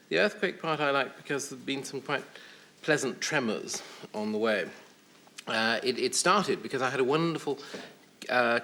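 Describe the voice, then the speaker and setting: A man, a guest on a television chat show, telling anecdotes in a wry, hesitant way with many pauses and fillers. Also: medium pitch, a bit bright. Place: television studio.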